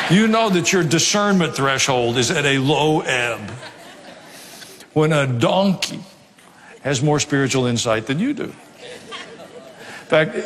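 Man preaching in a reverberant church. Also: on the high side. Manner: conversational preaching with asides and humor. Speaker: pastor. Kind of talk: sermon. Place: church sanctuary. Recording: long reverb of a hall.

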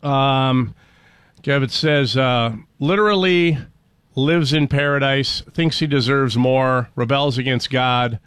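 A man's voice: medium pitch, takes it slowly, fairly bright tone, smooth, no echo, studio quality. A man hosting a talk radio show, rambling sarcastically with many fillers. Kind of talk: casual talk radio banter.

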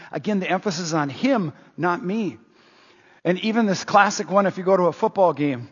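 Pastor, man, higher voice with a husky edge, earnest rhetorical sermon, dull reverberant church recording. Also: animated, a little fast. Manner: earnest, rhetorical questioning preacher. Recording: dull lo-fi sound with long hall reverb.

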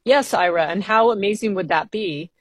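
A woman's voice: mid-range voice, normal speed, no echo. A woman scientist, a guest on a radio interview, explaining her work at length with earnest enthusiasm.

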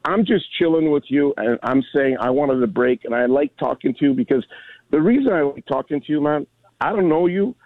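A man's voice: a little high, animated, a little fast, no echo. Friendly man in his 60s phoning in, rambling, tinny dry phone line. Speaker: caller. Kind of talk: phone-in chat.

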